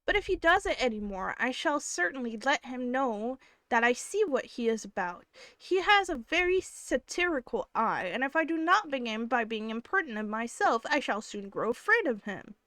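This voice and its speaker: A woman reading aloud plays a quick-witted young lady who teases with an arch, spirited edge, her voice pitched high and bright. She drawls her lines in a put-on Southern US accent. The sound is close and dry. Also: big pitch swings, no room sound. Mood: teasing.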